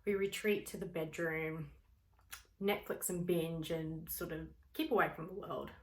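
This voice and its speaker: Expressive woman giving a motivational talk. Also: fairly low pitch, measured pace. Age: adult parent. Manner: expressive, acts out everyday scenes. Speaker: speaker on personal growth, works with clients.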